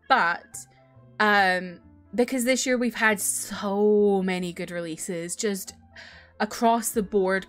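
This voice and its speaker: A young woman casually chatting as she ranks her favorite songs, rambling and gushing with lots of fillers and restarts. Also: mid-range voice. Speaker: K-pop video creator. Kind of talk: casual chat ranking songs.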